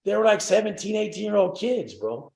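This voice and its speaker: A man's voice: high-pitched, big pitch swings, brisk, gravelly, a little mellow, reverberant, low-quality recording. A young man hosting a group coaching call, brash and swearing, acting out the voices of people he quotes.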